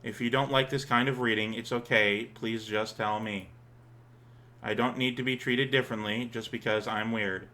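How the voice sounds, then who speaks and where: A timid teenage girl full of self-loathing, as a man reads her lines aloud in a soft, hesitant, subdued voice. The tone is bright and sharp for all its quietness. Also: medium pitch, steady tone, moderate pace, lightly acted. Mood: pleading. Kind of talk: reading a visual novel aloud in character.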